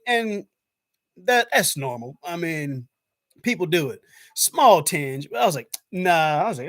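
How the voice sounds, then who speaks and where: A man from the States talks to his stream viewers in a relaxed, rambling way, his voice sitting a little high for a man. He livens up whenever he acts out what he was thinking, and the sound is close and dry. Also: unhurried, no echo. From United States. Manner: loose and chatty, lots of "man" and "I was like"; animated when acting out his own past thoughts. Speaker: YouTube channel host. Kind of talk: casual live-stream chat.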